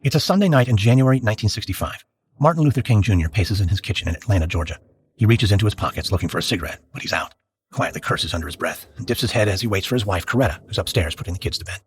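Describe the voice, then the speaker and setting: A man narrating a scripted history drama podcast in a measured, dramatic storytelling manner. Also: lowish voice.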